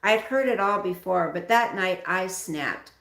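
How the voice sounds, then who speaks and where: A woman's voice: fairly low pitch, unhurried, fairly bright tone, reverberant. A woman hosting a livestream and reading a memoir aloud, breaking off now and then to speak directly to her viewers.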